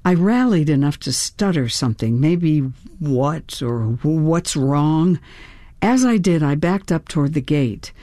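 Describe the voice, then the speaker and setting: A woman reading a first-person audiobook in a measured storytelling voice that grows tense in the action scenes. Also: sits low, mellow, dry recording, clean studio sound. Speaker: audiobook narrator.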